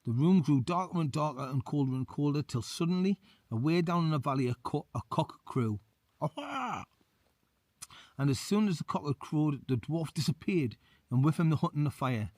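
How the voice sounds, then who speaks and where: A man's voice: fairly high pitch, brisk, darkish tone, no room sound. A man, an ex-soldier and outdoor vlogger, reads a folk tale aloud at a winter wild camp with matey commentary. He is cold. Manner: matey, says mate a lot.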